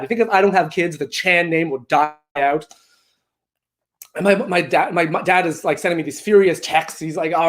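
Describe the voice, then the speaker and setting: A young Canadian man doing a self-mocking, animated stand-up set from his home during lockdown. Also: high voice. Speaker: stand-up comedian.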